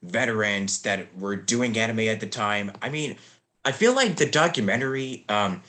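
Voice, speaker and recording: A man's voice: fairly low pitch, lively intonation, moderate pace, bright, forceful tone. A young man hosting an interview podcast, talking casually with lots of fillers and laughs. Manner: rambling, many fillers, laughs often. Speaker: podcast host.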